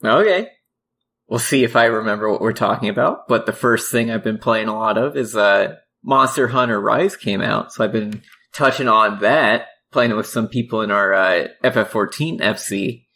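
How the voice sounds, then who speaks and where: A man's voice: lowish voice, normal speed, sharp tone. A man co-hosting a casual gaming podcast, easygoing and chatty, enthusiastic about what he plays. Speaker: podcast co-host.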